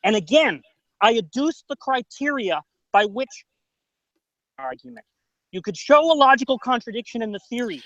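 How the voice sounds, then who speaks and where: A man's voice: very high voice, very animated, normal speed, fairly bright tone, no echo, rough recording. A man in a heated debate who presses his opponent with pointed questions, repeating "right?" to drive his points home. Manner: insistent, interrogating, repeats "right?". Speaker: debater defending a theory.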